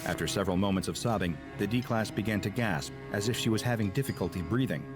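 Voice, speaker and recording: A man giving scripted narration of a story in a measured, storytelling manner. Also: fairly low pitch. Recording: narration with loud music.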